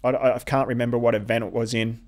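A man speaks as a podcast guest, recounting his own story. His voice sits at an ordinary middle pitch, and he talks haltingly, often circling back and repeating words as he goes. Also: level tone, a little mellow. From Australia. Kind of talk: telling a personal story in an interview.

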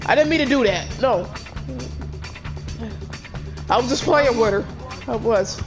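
Brash, loud-mouthed woman gamer. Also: a little high, lively intonation, measured pace, pauses often, over loud music. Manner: loud, brash, cussing, talking back at the game. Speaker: gameplay commentator. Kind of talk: let's play commentary.

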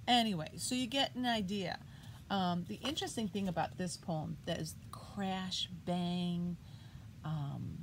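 A middle-aged woman teacher reading poems aloud to children, booming out the sound words and asking them questions. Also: a little hiss or hum. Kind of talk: read-aloud poetry lesson for children. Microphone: iPad.

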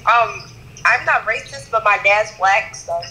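A woman's voice: medium pitch, a little slow, sharp tone. A woman in her twenties from Florida, blunt and sassy on a video chat, swearing freely. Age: 20s.

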